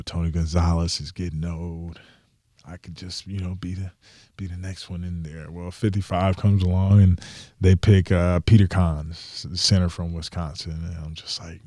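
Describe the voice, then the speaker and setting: A young man with a very low, mellow voice tells his story in a relaxed interview. He slips into the voices of his own past thoughts as he goes. The sound is dry and close. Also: no echo. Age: young adult. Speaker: NFL tight end, guest.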